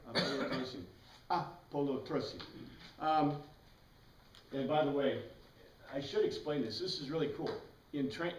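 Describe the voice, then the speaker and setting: In a classroom lecture on the Bible, a man with a mid-range, darkish voice patiently explains words, spells some out letter by letter, and adds enthusiastic asides. The mic sits far off in a roomy, echoing space with slight background noise.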